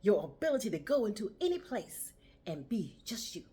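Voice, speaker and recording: Lively, husky woman telling a story. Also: medium pitch, moderate pace. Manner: animated storyteller, laughs often, acts out voices. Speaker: motivational vlogger. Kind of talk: casual motivational talk with a story.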